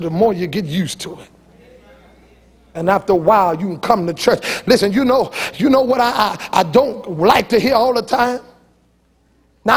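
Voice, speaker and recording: A middle-aged pastor preaching a sermon in a church, folksy and fiery, shouting one moment and dropping low and teasing the next. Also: male voice, breathy edge. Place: church sanctuary.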